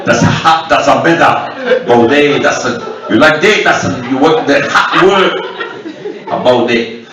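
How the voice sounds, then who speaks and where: A man's voice: mid-range voice, expressive, a little slow. A man with an Australian accent doing profane stand-up crowd work on a club stage, needling audience members. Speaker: stand-up comedian. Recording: echoey club, far mic, loud crowd laughter.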